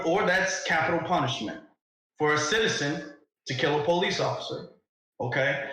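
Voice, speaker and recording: A man's voice: high voice, sharp tone, heavy reverb, low-quality recording. A man hosting a live debate, pressing his points and firing repeated questions. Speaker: live stream host. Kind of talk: heated debate.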